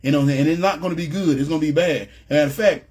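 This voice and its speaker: Guy with a slightly high husky voice giving a laid-back bible lesson, chatty, keeps asking if you get him. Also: fast, darkish tone. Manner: conversational, often asks "you know what I'm saying". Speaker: Bible study teacher. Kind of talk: casual spoken Bible lesson.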